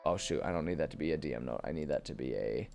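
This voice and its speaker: With an extremely low, creaky, darkish voice, a man speaks rapid-fire and expressively during a casual live stream from his home desk. He thinks aloud about planning a tabletop campaign, rambling and correcting himself, captured on a desk microphone over faint music.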